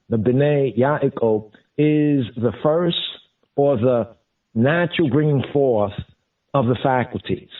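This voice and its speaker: A man gives a slow, deliberate scripture lesson, pausing to repeat each term in Hebrew and English. His voice sits at an ordinary pitch but comes through thin and phone-like, set back from the microphone. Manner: repeats terms in Hebrew and English, drawn-out emphasis. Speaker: teacher of Torah study. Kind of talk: slow teaching sermon. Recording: tinny phone-like audio from a distance.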